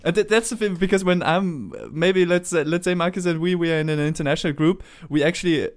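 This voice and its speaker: A man's voice: sits high, steady tone, fast talker. A man from France, chatting upbeat on a podcast and laughing often. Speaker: podcast co-host. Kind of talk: casual chat.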